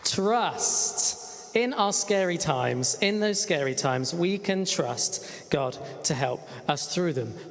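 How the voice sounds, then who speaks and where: Earnest teacher for children, mid-pitched, simple phrasing, long hall reverb. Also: animated, slow pace, gravelly. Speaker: children's church leader.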